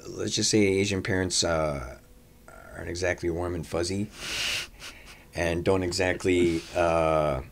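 A restaurateur guest with a deep voice and vocal fry tells long personal anecdotes in a conversation at a measured pace, over a little hiss or hum. He fills his speech with frequent "uh"s and restarts and swears casually.

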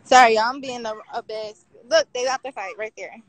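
A young woman chatting excitedly and teasing her friends, caught on a phone camera. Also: a little high, a little fast, slight background noise, poor audio. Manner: lively, laughing, teasing.

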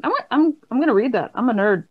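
A woman's voice: fairly high pitch, expressive, quick pace, breathy edge. A woman playing in a tabletop horror game, speaking casually and wryly. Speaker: player. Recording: dull, dry lo-fi audio.

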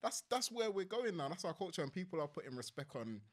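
A man's voice: high voice, very animated, fast talker. A young man from England, a podcast guest speaking earnestly and enthusiastically and laughing easily. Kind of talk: casual interview chat.

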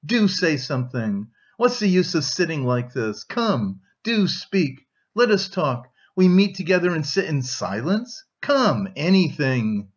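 Brief: a man playing a nervous, feverish young man, abrupt and higher-voiced, dull lo-fi audiobook sound. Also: big pitch swings, a little slow, hardly any pauses, husky, exaggerated voice. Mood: agitated.

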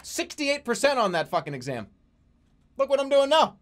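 A man streaming a video game live, reacting excitably with lots of swearing and laughter. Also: very high-pitched, moderate pace. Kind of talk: live gaming commentary.

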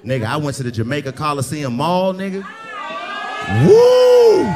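A brash male stand-up comic works the room on a handheld mic, his voice sitting a bit high as he yells and curses. A packed club crowd roars and laughs clearly behind him. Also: lively intonation, quick pace. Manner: brash, loud, often yelling and cursing. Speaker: stand-up comedian. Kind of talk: crowd-work stand-up roast. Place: live comedy club ballroom. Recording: live club with crowd noise.

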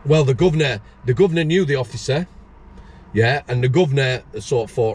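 A man's voice: mid-range voice, fairly quick, darkish tone, breathy edge. A middle-aged man, a former prison officer and the show's host, telling rambling anecdotes with frequent restarts and acting out other people's voices. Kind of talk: casual storytelling chat.

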